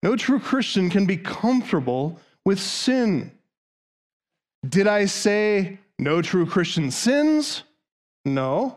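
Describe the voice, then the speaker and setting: A man's voice: sits high, very animated, takes it slowly, pauses often. A man preaching a sermon, driving his point with long runs of rhetorical questions. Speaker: pastor.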